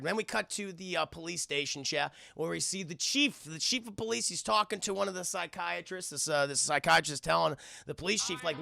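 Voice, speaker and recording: High, gravelly, profane stream commentator. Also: male voice, fairly quick, few pauses, no echo, clean studio sound, faint music behind. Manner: animated, profane, keeps addressing the chat. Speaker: streamer and film reviewer. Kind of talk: casual live-stream film recap.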